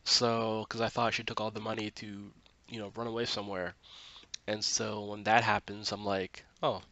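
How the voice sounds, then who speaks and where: A man's voice: fairly low pitch, little pitch movement, moderate pace, sharp tone, dry recording, dull audio. A man casually recapping a TV episode, rambling with lots of 'like' and 'um' and frequent self-corrections.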